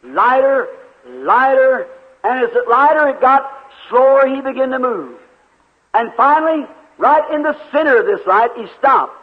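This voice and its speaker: A man preaching a revival sermon, telling a dramatic story and voicing the people in it, rising now and then to a shout, recorded in a large church hall. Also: very high-pitched, animated, measured pace. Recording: tinny old phone-like tape, long hall reverb.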